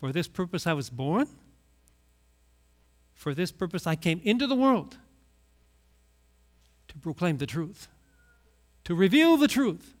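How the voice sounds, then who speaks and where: Solemn, measured male teacher, put on by a preacher, slow and high-pitched. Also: big pitch swings. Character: calm grown male teacher proclaiming truth.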